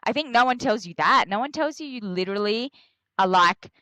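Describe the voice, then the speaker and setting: A young Australian woman shares stories in a bright, forceful voice. She jumps into high, excited voices to act out her own lines. The sound is dry and close. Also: fairly quick, no room sound. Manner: animated storyteller, acts out her own quotes in a high voice. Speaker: interview guest. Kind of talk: candid casual chat.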